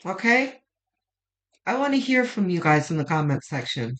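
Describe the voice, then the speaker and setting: A woman with a low, sing-song voice delivers her weekly tarot reading fairly quickly in a casual vlog. Chatty and emphatic, she swears for emphasis and rallies her viewers with fired-up encouragement, all on a low-quality recording.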